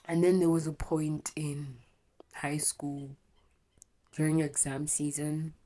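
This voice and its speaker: Tearful low-voiced young woman. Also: level tone, slow, warm tone. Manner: raw, emotional, swears freely, rambling self-corrections. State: teary, runny nose from crying. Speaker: storytelling vlogger. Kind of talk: candid personal storytime.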